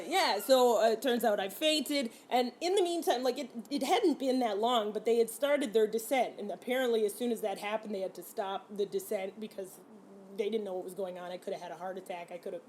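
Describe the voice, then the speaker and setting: A woman's voice: fairly high pitch, slight background noise. A young French-Canadian woman, a comedian, telling a personal story in a casual way, laughing and acting out her own past lines. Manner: animated, laughing, acts out her own quotes. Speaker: comedian guest.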